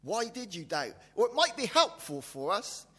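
A man's voice: high-pitched, very animated, moderate pace, pushed and bright, husky. A man preaching a sermon, repeating phrases for emphasis and posing rhetorical questions. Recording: long hall reverb.

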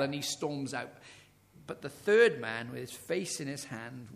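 Dramatic preacher man, slightly high voice. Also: expressive, normal speed, gravelly. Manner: dramatic, swinging from loud declarations to hushed near-whispers; retells stories with quoted dialogue. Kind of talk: sermon.

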